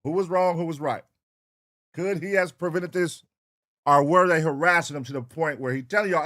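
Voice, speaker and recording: A man hosting a reaction show, loudly commenting in disbelief and swearing at a clip. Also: a little high, moderate pace. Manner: loud, incredulous, swearing commentary. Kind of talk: reacting to police footage.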